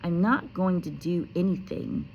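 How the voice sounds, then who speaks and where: A woman's voice: lowish voice, a little slow, muffled recording, a little hiss or hum. Woman reading as a meek young boy, earnest, hopeful.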